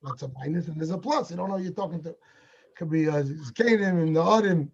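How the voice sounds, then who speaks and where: High-voiced man telling a story. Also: brisk, creaky, slightly rough, highs cut off. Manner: animated storyteller acting out dialogue. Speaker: speaker at a Hasidic gathering. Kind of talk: storytelling talk. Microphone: video call.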